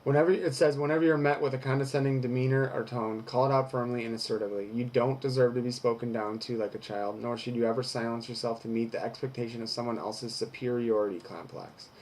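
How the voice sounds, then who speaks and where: A man's voice: mid-range voice, steady tone, fast talker, few pauses, darkish tone. A young man recording a candid personal vlog who reads from an article and then talks through it frankly, with some swearing. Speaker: vlogger.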